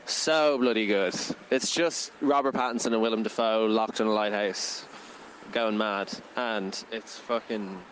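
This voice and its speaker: Co-hosting a casual film review podcast, a man rambles through his thoughts, laughing often and saying "like" constantly. His voice is on the low side, steady, unhurried and a bit bright. The audio is poor, with slight background noise.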